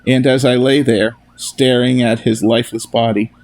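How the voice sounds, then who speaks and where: Gravelly man reading his novel. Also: mid-range voice, flat delivery, normal speed, darkish tone. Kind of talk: first-person novel narration.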